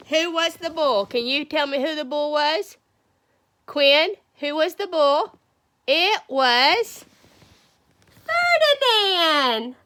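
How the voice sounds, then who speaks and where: A school coach, a woman, reading a picture book aloud to young children, animated and calling on them by name. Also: high-pitched. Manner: animated, calls children by name, playful asides.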